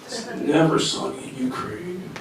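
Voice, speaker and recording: A man's voice: a little high, a little slow, vocal fry, background noise. A man doing a rambling, self-deprecating stand-up set, stumbling and restarting as he goes. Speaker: stand-up comedian. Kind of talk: open-mic stand-up set. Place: comedy club stage. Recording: echoey club sound from far off.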